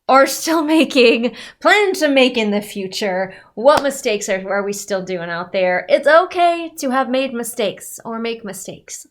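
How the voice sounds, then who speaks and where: A woman's voice: high-pitched, a bit bright. Chatty woman vlogging about writing. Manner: candid, self-deprecating, conversational. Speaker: writer and developmental editor. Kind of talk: casual chatty vlog.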